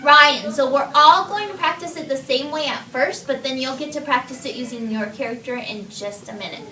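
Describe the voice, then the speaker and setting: A woman teacher leading a writing lesson for young children, speaking clearly and patiently and modelling expressive reading. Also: high-pitched, normal speed. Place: classroom. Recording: echoey classroom, camera far off. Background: children in the room.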